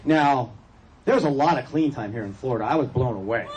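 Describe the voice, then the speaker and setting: At a recovery convention, a man from California speaks fairly quickly in a mid-range voice with lively intonation. He shares his story in a loose, joking way, aside to the audience now and then, as laughter and room noise rise behind him.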